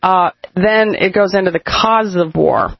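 A woman co-hosting a radio talk show, rambling and halting with many fillers. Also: on the low side, gravelly, slightly rough, dry recording. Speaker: radio co-host. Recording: muffled lo-fi radio sound.

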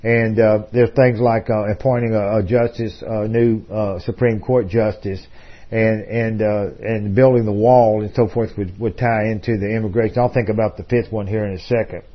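A man's voice: lowish voice, steady tone, moderate pace, muffled recording. A man hosting a talk radio program, telling a long story in a discursive way with frequent fillers and restarts. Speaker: radio host.

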